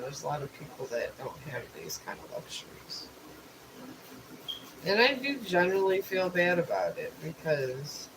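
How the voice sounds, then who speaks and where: A slow-talking streamer who rambles while painting on a live stream and explains each material as they go. The delivery is unhurried and drifts from thought to thought. A steady wash of noise sits behind the voice. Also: mid-range voice. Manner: rambling, thinks aloud while working; explains art materials step by step. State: just woke up.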